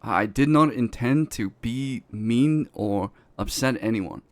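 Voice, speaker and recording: A man's voice: mid-range voice, slow, dry recording, close to an everyday voice. Man as a blunt, profane boss, not a native English speaker, dry close sound, defends himself. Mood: defensive. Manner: profane, blunt, self-justifying, restarts words. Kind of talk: in-character role-play talk.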